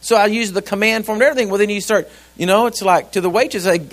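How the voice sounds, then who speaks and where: A man's voice: high voice, fast, few pauses. A middle-aged man preaching a sermon in a folksy, conversational way, throwing rhetorical questions at his congregation. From grew up on a ranch.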